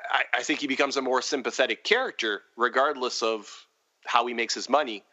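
A man co-hosting a casual film podcast. His voice is bright, and the recording sounds dull and lo-fi. He talks things through slowly, with lots of fillers and restarts. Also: mid-range voice. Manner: thoughtful, many restarts and fillers. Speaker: podcast co-host.

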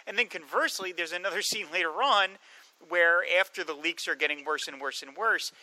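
A man with a very bright, fairly high voice, chatting casually about a movie. He retells scenes with energy and slips into the characters' lines as he goes. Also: brisk, dry recording, poor audio. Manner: animated storyteller, acts out quoted lines. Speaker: podcast co-host. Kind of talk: casual film discussion.

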